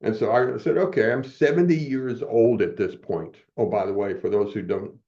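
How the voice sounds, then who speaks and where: A man in his seventies, appearing as a podcast guest, shares motivational personal stories and acts out the dialogue he quotes. His voice is lowish and mellow at a moderate pace, and the recording is muffled.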